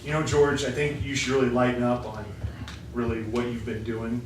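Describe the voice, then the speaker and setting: A man voicing a mild, earnest peasant who leads a rebellion, speaking low and deliberately. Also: animated, a bit bright, slight background noise. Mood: calm. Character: rebellious male peasant leader, calm and earnest. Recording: echoey room from far off.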